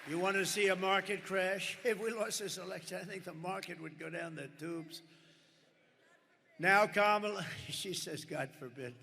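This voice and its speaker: A man's voice: sits high, steady tone, moderate pace, creaky, bright, forceful tone. An older man giving a rambling rally speech from a podium microphone, full of superlatives and asides to the crowd. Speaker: political candidate at a campaign rally. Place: large packed rally venue. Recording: echoey arena sound with crowd noise.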